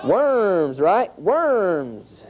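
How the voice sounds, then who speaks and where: Male nature educator, mellow voice, animated storyteller for a kids' outdoor lesson. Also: high voice, extremely slow, low-quality recording. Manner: animated storytelling with sound effects. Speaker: environmental educator.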